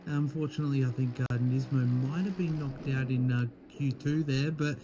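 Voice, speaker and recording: A man's voice: mid-range voice, fairly even intonation, moderate pace, noisy background. A man co-commentating a sim race, welcoming viewers and explaining the qualifying format.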